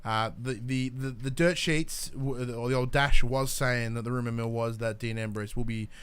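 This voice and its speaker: A man's voice: mid-range voice, steady tone, moderate pace, fairly bright tone, smooth. A man co-hosting a casual podcast, swearing freely, laughing and acting out wrestlers' lines. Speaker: podcast co-host. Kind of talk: casual chat recapping wrestling.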